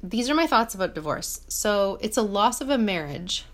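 A woman's voice: mid-range voice, animated, moderate pace. A woman vlogging from her small apartment, talking in a casual, reflective monologue that rambles, fills with "like" and corrects itself as she goes. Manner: rambling, heavy on "like", self-correcting.

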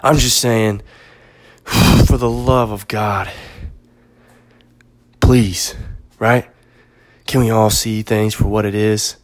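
A man hosting a podcast, delivering an impassioned, profane monologue that sometimes drops to a hush for storytelling. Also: on the low side, fairly even intonation, takes it slowly, pauses often. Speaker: podcast host. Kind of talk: monologue rant.

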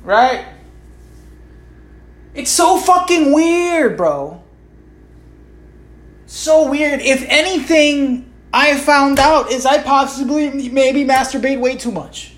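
A woman with a slightly raised pitch rants alone into her podcast mic. Her talk is loose and profane, full of sarcasm and rhetorical questions. She keeps circling back with quick asides to the listener. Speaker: podcast host. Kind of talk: solo podcast rant.

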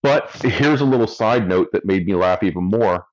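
Deep-voiced man telling a work story. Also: moderate pace, muffled recording. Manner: relaxed, dry storyteller who laughs at his own story. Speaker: firefighter paramedic guest. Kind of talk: casual storytelling.

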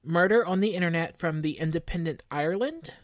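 A woman's voice: on the low side, brisk, no echo. A woman co-hosting a casual true-crime podcast, laying out her research in a matter-of-fact way with wry asides. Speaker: podcast co-host.

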